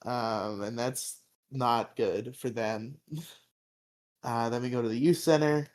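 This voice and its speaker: A young man co-hosting a podcast, casually recapping a show, swearing freely and tossing in quick character impressions. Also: mid-range voice, a little mellow. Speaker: podcast co-host.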